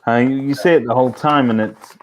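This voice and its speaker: A man chatting casually as a guest, speaking in a halting, reflective way with many restarts. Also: medium pitch, slight background noise. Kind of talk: casual chat.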